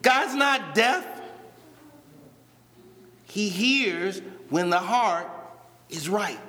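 Male pastor, sermon delivery with slow drawn-out emphasis, sharp bright tone, long church reverb. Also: high-pitched, animated. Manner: addresses a responding congregation.

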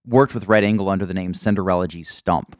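A man's voice: low-pitched, quick pace, no room sound, studio quality. A man co-hosting a podcast, chatting with wry enthusiasm about old records. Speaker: podcast co-host.

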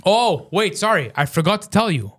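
A man telling a story in casual chat, animated, swearing a lot and saying "bro", acting out his own shouting. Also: high-pitched, moderate pace. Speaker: podcast host.

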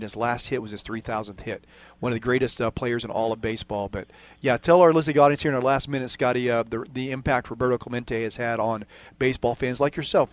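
A man's voice: medium pitch, no room sound. A man hosting a radio sports talk show who retells stories for the listeners, with fillers along the way.

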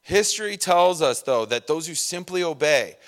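A young man preaching a sermon in a casual, animated way, acting out quick voices of the people in his story. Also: fairly high pitch. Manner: animated, acts out voices of disciples and Jesus. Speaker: pastor.

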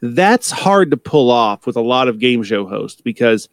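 A man from the United States chatting casually as a co-host, stopping and restarting his sentences as he searches for the right words. His voice sits at a middling pitch and sounds close and dry, with no room echo behind it. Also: sing-song, measured pace. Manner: rambling, self-correcting, hesitant with fillers. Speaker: podcast co-host. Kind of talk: casual chat.

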